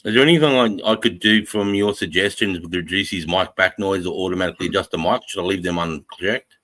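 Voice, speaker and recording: A man's voice: deep voice, fast, sharp tone. An Australian man hosting a livestream panel, swearing constantly and laughing often in crude casual chat. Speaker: livestream host.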